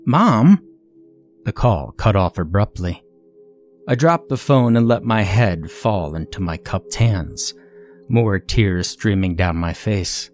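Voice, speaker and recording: Man narrating a creepy tale, deep voice, faint music under it. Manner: somber, steady storytelling. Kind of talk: scripted horror narration.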